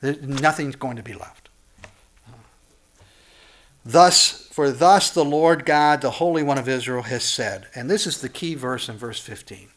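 A man preaching a sermon, animated, asking rhetorical questions and repeating phrases for emphasis. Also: medium pitch, a little slow. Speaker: pastor.

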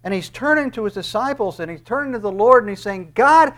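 An older man preaching a sermon, swinging from hushed asides to loud, impassioned lines and acting out quoted voices. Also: high-pitched, animated, fast talker.

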